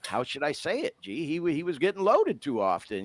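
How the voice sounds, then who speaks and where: A man's voice: fairly high pitch, huge pitch swings, normal speed, hardly any pauses. Candid, profane man hosting a podcast. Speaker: podcast host. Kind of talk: casual podcast chat.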